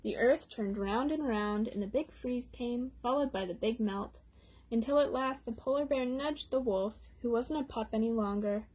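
A woman reading a children's picture book aloud at storytime, gently pausing to explain words for young listeners. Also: a little high, slight background noise. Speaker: storytime reader.

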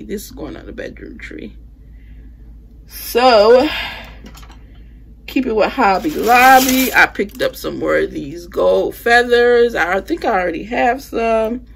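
Woman, home decor vlogger, chatty haul talk, gravelly voice, mid pitch. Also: animated, takes it slowly, pauses often, fairly bright tone, slight background noise. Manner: chatty, addresses viewers as "you guys"; Southern US phrasing like "y'all" and "I'ma". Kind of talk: casual haul chat.

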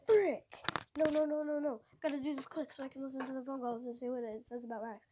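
A woman's voice: high voice, fairly even intonation, quick pace, dark tone, a little hiss or hum. A woman giving live commentary while playing a horror game, jittery and muttering, making sound effects aloud. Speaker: gaming video creator.

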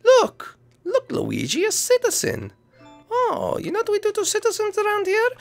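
A woman's voice: very high voice, wildly swooping pitch, moderate pace, soft background music, pitched above the performer's own voice, exaggerated voice. A woman voicing Mario as a gleeful villainous plumber in a Minecraft role-play, whooping and cackling in a sing-song voice. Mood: manic glee. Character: gleeful villainous plumber man, manic and giddy.

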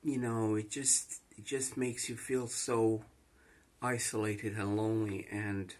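A man's voice: fairly low pitch, level tone, takes it slowly. A man with a Croatian accent, distressed, rambling and repeating himself in an emotional confessional vlog monologue. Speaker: vlogger.

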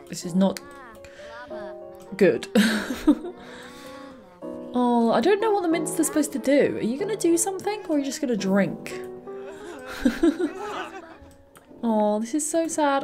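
A young woman with a mid-pitched voice gives chatty gameplay commentary and reacts aloud with quick laughs. Soft game music plays faintly behind her. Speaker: let's play host.

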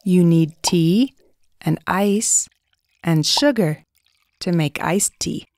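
A woman calmly names pictures for beginner learners, slowly and clearly, repeating each key word. The recording is dry and close, with no room sound. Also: on the low side, no room sound. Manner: clear, repeats single words. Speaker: English teacher. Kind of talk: slow picture-description narration.

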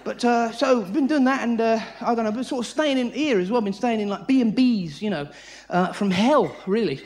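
A man with a British accent doing a live stand-up routine on a theatre stage, manic and breathless, laughing as he goes and jumping into high squeaky voices. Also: moderate pace, a little mellow. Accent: British English. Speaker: stand-up comedian. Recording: live show recording, audience noise.

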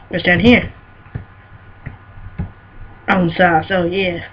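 A man giving excitable let's play commentary, scolding himself and shouting exclamations as he plays. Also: sits high, measured pace, slightly rough. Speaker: gamer. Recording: dull lo-fi recording with faint noise.

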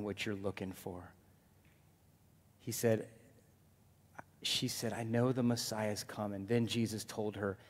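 Husky man preaching in a reverberant church. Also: on the low side. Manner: animated preaching, jokes with the congregation. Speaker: pastor. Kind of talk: sermon. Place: church sanctuary. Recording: long hall reverb.

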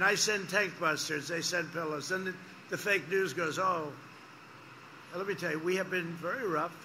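A man's voice: high voice, sharp tone, a little hiss or hum. An older man, a politician speaking at an outdoor airport campaign rally, in a rambling, repetitive, off-the-cuff style full of mocking asides and boasts. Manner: mocking and boastful, acting out quoted exchanges.

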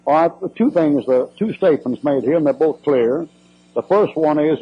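A man's voice: fairly high pitch, normal speed, slightly rough. An older man, a preacher answering questions in a church Q&A, folksy, blunt and emphatic with joking asides, on a muffled old cassette recording.

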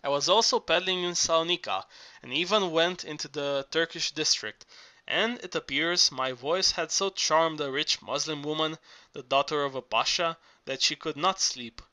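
A man's voice: fairly high pitch, moderate pace, bright, forceful tone. A man reading an audiobook aloud, voicing an earthy, boisterous older Greek working man who talks urgently and coaxingly, stumbling and restarting as he goes. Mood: confiding.

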